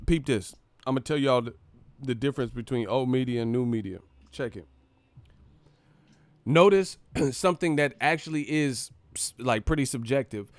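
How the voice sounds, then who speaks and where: Hosting a casual stream from a multi-camera rig, the man speaks in a clear, smooth voice of medium pitch. There's no echo, as the sound is close and dry, and he keeps things loose, crude and playful, laughing often.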